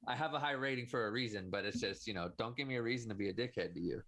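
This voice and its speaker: A man's voice: mid-range voice, rapid-fire, crowd noise. A man on a casual podcast, a rideshare driver talking bluntly and with plenty of swearing. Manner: blunt, profane, emphatic storytelling.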